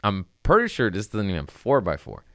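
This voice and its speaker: A young man, a comedian hosting a podcast, telling a story in a profane, animated casual way. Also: lowish voice, fast, no echo, studio quality.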